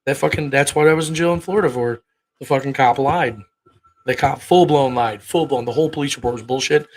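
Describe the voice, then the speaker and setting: A man's voice: medium pitch, brisk, rough recording. A man in his thirties hosting a casual livestream, rambling and cursing bluntly as he talks to his viewers. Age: 30s. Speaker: livestream host.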